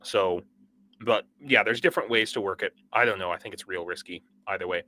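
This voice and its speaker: Bright-voiced man rambling on a livestream. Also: fairly low pitch. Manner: rambling, halting, many restarts and fillers, laughs often. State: sleep-deprived and over-caffeinated. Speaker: livestream host. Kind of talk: casual livestream chat reading viewer comments.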